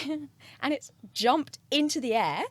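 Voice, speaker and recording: A woman guest on a podcast who tells stories in a casual, animated way, swearing freely and trailing off mid-sentence. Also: high-pitched, slow pace, no echo. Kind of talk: casual storytelling.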